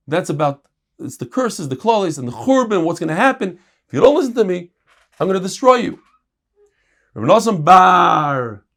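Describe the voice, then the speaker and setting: Animated rabbi with a gravelly voice. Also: male voice. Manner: lively, mixes Yiddish-inflected Hebrew readings with English explanation; animated, jumps in pitch and volume for emphasis. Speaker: rabbi teaching a daily Talmud class. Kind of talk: Talmud lesson.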